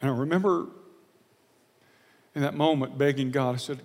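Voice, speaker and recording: A man preaching a sermon, telling a personal story in an earnest, confessional way, often halting and repeating words. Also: mid-range voice, darkish tone, long reverb tail.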